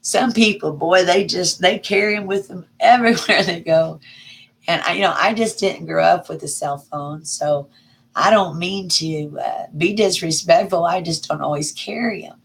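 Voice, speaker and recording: A middle-aged woman, chatting casually on a livestream and greeting viewers by name with folksy warmth. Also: on the low side, normal speed, creaky. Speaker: livestream host. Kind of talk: casual live chat reading viewer comments.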